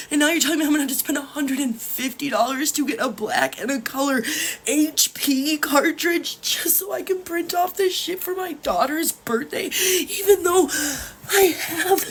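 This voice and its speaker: High-pitched crying woman, furious rant. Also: slight background noise. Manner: furious, heavy swearing. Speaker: printer owner venting on video.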